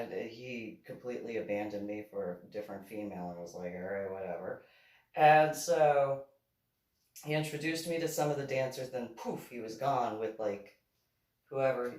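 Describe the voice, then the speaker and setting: A woman telling a story from her own life in a casual monologue, turning stern and scolding when she quotes herself. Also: rumbling low. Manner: animated, stern scolding when quoting herself, laughs often. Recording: roomy echo, distant from mic.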